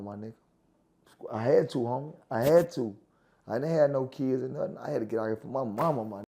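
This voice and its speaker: Mellow, gravelly man, earnest. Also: medium pitch, brisk. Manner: earnest, repeats himself for emphasis. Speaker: interview guest. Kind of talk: casual storytelling.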